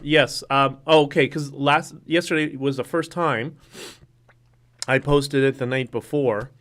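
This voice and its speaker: A man's voice: fairly high pitch, fairly even intonation, unhurried, a bit bright. A man hosting a casual solo livestream, rambling through topics and viewer comments with many fillers and restarts. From Canada. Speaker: livestream host.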